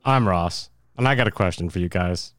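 A man's voice: deep voice, fairly quick, a bit bright, no echo, clean studio sound. A man co-hosting a podcast in casual chat. He is a little intoxicated, and he stumbles and restarts as he talks. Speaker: podcast co-host.

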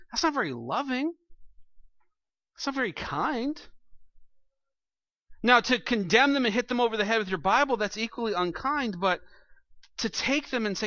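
A high, bright-toned young man delivers a sermon to his congregation as their pastor. He speaks earnestly and plainly, often restarting his phrases. The sound is dry and close, a little dull. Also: expressive, moderate pace, long pauses, no echo. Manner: earnest, plain-spoken preaching with repeated restarts.

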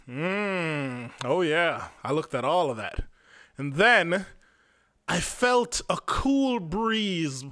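Young man, Jamaican accent, podcast host, casual storytelling, profane, high voice, dry close sound. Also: pushed and bright, no echo. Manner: profane, rambling storyteller who talks straight to listeners.

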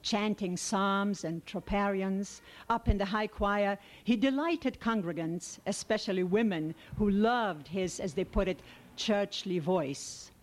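A woman reading an excerpt from a translated novel aloud in a measured, steady way. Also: medium pitch. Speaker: reader.

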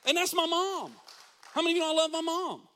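A man's voice: extremely high pitch, lively intonation, fast talker, a bit bright. A middle-aged male pastor preaching a sermon in a church, full of rhetorical questions to the congregation. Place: church sanctuary.

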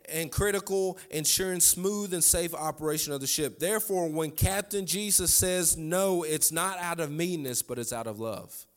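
Animated, higher-voiced man preaching. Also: normal speed, few pauses, faint music behind. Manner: animated, repeats lines for emphasis, chuckles through stories. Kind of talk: sermon with family storytelling.

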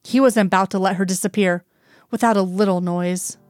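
A woman reads a story aloud in a steady, even narrating voice. Her pitch sits in the middle of the range. The recording is close and dry, with no room sound. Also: brisk, no room sound, faint music behind. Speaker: audiobook reader. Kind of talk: reading fan fiction aloud.

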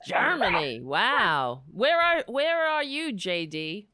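A woman's voice: mid-range voice, very animated, takes it slowly, bright, forceful tone, no echo, clean studio sound. A woman from the US co-hosting a live stream, chatting casually, laughing often and swearing freely. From USA. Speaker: co-host.

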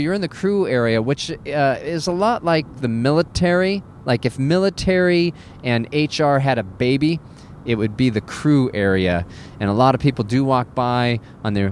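Sarcastic ranting male comedian. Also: a little hiss or hum. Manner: animated and sarcastic, jumps into high incredulous squeaks. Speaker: cruise ship entertainer. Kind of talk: comic storytelling rant.

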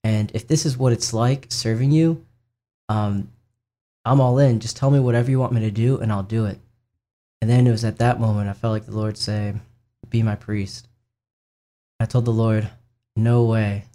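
A man's voice: fairly low pitch, fairly even intonation, fairly quick, warm tone. A young man sharing a personal faith testimony in a casual, earnest way, with frequent fillers and restarts. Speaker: speaker sharing his faith and vocation story.

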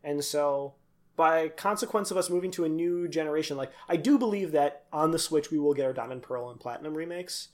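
A man's voice: fairly high pitch, brisk. A young man co-hosting a casual podcast, rambling with lots of fillers and asides. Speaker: podcast co-host. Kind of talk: casual chat.

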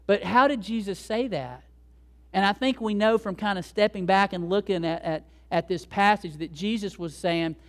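A male pastor delivers a sermon in a conversational way, tossing rhetorical questions to the congregation. His voice sits notably high for a man. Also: normal speed, fairly bright tone.

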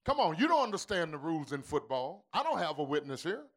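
A male pastor preaching with call-and-response, dropping to quiet asides and rising to shouted, fervent climaxes. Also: fairly high pitch, big pitch swings, fast talker. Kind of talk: sermon.

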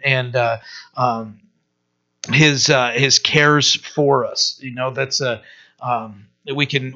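A man's voice: on the high side, bright, forceful tone. A man preaching a sermon as pastor, in a conversational way, asking the congregation questions. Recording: dull lo-fi recording.

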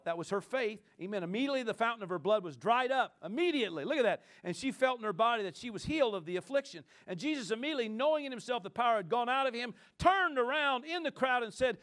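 A man's voice: very high-pitched, fast, fairly bright tone. A male pastor preaching a conversational sermon, often checking in with his listeners.

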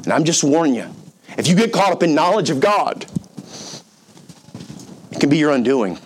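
A man's voice: on the high side, sing-song, normal speed, slight background noise. Conversational, emphatic male pastor. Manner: conversational and emphatic, with asides like "man" and "okay". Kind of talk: storytelling sermon.

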